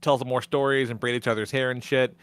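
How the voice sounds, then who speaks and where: A man's voice: mid-range voice, level tone, fast talker, a bit bright, smooth, no room sound. A man hosting a podcast, retelling a movie's plot in casual chat, swearing often and laughing along the way. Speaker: podcast host.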